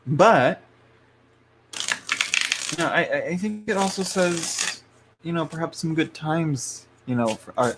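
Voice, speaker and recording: A man's voice: a little high, vocal fry, noisy background. A man hosting a live tarot reading stream, rambling along with lots of fillers and restarts and frequent chuckles.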